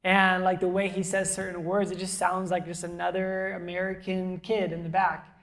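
A woman pastor preaching a sermon to a congregation in a church, conversational and emphatic, with soft, quiet asides. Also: lowish voice, little pitch movement, moderate pace. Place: church auditorium before a congregation.

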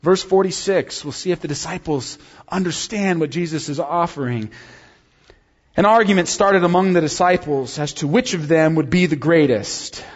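Brief: slightly high-voiced male pastor, chatty storytelling sermon, long hall reverb, a bit muffled. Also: normal speed. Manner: conversational storytelling, repeats key lines for emphasis.

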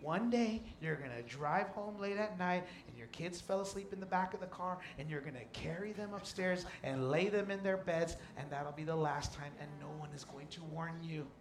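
Man, pastor, 30s, sermon, high voice, emotional and folksy, echoey tent. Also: normal speed, hardly any pauses. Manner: emotional, folksy and preachy, with repeated refrains. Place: large tent with a congregation.

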